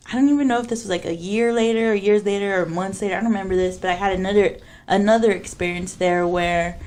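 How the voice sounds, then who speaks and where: A young woman co-hosting a podcast, telling a story in a casual, animated way with lots of fillers and laughter. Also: fairly low pitch. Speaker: podcast co-host.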